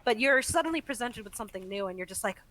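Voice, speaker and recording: Bright-voiced woman, animated and chatty. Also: a little high, fast talker, low-quality recording. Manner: animated, laughs often, talks in long flowing explanations. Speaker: voice actor guest. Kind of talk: casual interview chat while gaming. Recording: faint background noise.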